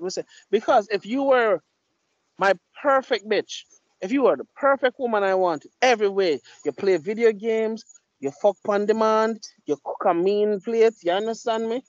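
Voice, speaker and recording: A man's voice: sits high, expressive, normal speed, no room sound. A man tells blunt, profane stories as he hosts a casual podcast. His speech sounds dry and close, with no room around it. The mic is dull and lo-fi. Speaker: podcast host.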